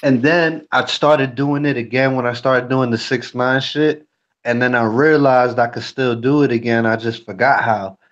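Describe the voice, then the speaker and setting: A man's voice: medium pitch, steady tone, normal speed, fairly bright tone, highs cut off. A man talking frankly in a casual chat as a YouTuber and co-host, cursing freely. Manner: blunt, frank, curses freely.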